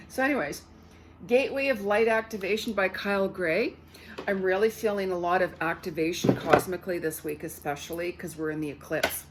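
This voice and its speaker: Chatty low-voiced woman psychic. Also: slight background noise. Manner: chatty, full of "like" and "you know", repeats words. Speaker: psychic medium and card reader. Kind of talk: casual spiritual card reading for viewers.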